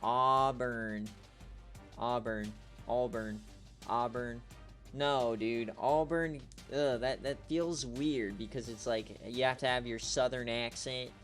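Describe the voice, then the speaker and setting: A man hosting a live stream, calling a simulated football game in a loose, joking way and teasing other players. His voice sits at a middling pitch and jumps to loud shouts when a play turns. Soft music plays faintly underneath. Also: measured pace, hardly any pauses. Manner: joking, trash-talking, gets loud and excited at big plays. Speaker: online league host and streamer.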